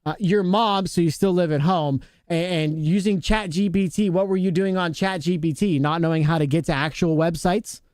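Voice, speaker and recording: A man's voice: high voice, fairly even intonation, moderate pace, hardly any pauses, a little mellow, clear, resonant tone, no echo, studio quality. A male streamer chatting casually with viewers, joking around, laughing often and greeting chatters by name.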